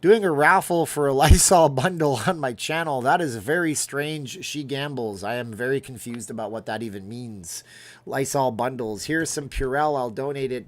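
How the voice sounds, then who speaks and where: A middle-aged man hosting a casual livestream, talking at an ordinary mid pitch. He rambles from one viewer comment to the next, tossing in jokes and asides as he goes. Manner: rambling, jokey, reacts aloud to viewer comments. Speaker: livestream host reading chat.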